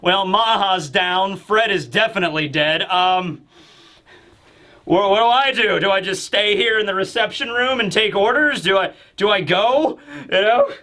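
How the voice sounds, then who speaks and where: A man's voice: high voice, measured pace, sharp tone. A man doing a dithering, flustered henchman. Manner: flustered, hesitant. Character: lost, dithering male underling agent.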